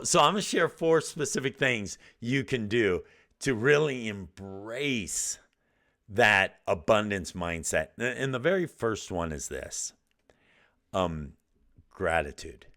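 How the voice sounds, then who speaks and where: A man's voice: on the low side, sharp tone. A middle-aged man hosting a motivational talk, telling earnest stories with frequent restarts. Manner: earnest storytelling with self-quotes and restarts. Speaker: podcast host.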